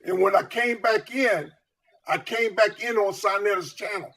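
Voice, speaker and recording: A man's voice: high-pitched, moderate pace, a bit bright. A man on an online group call, insistent and talking over others. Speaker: call participant. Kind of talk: casual online group chat.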